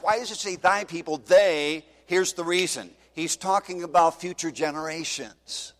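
A man's voice: high voice, unhurried, few pauses, a bit bright, long reverb tail. A man preaching a sermon, reading scripture aloud and pressing his points with emphasis. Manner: emphatic, reads scripture aloud in King James wording.

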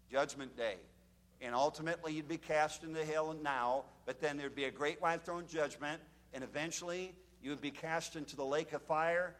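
A man preaching a fire-and-brimstone sermon, telling dramatic stories and shouting out the screams he quotes. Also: fairly high pitch, long reverb tail.

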